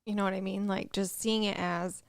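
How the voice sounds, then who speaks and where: A middle-aged woman co-hosting a casual chat show, chatty and quick to laugh. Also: medium pitch, little pitch movement, gravelly, clear, resonant tone, no room sound. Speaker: co-host.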